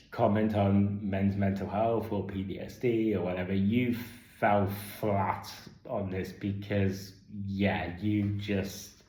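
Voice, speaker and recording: Slow, echoey man rambling through a review. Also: on the low side, darkish tone. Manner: rambling, filler-heavy, frequent restarts; exasperated, incredulous sarcasm. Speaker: film reviewer. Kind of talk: casual spoken film review. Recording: echoey room.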